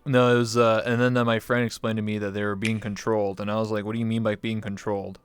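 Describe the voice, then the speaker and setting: Smooth-voiced rambling man. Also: fairly low pitch, little pitch movement, fast, dry recording. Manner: rambling storytelling with many likes and ums. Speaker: interview host. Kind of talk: casual chat.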